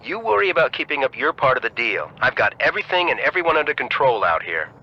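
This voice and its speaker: A man's voice: mid-range voice, big pitch swings, quick pace, muffled recording. An actor voicing a scheming adult male professor in a video game, smug and conspiratorial.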